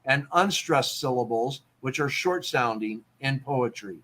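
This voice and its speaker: A man's voice: medium pitch, unhurried, pushed and bright. A man hosting a casual talk show, explaining poetry terms and checking in with "okay?" as he goes. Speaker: podcast host.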